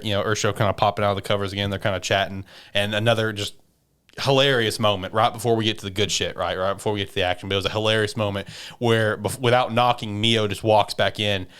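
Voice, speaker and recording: A man's voice: fairly low pitch, steady tone, fast talker, fairly bright tone, clean tone. A man hosting a podcast, casually retelling an anime episode in a rambling way with lots of fillers and swearing. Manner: rambling, filler-heavy storytelling with profanity. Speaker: podcast host.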